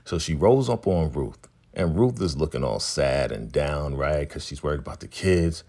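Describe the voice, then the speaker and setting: Gravelly deep-voiced man recapping a show. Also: animated, a little mellow. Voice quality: gravelly, husky low voice. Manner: retells scenes with quick quoted dialogue and laughs. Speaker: recap host. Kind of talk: casual TV recap, acting out characters' lines.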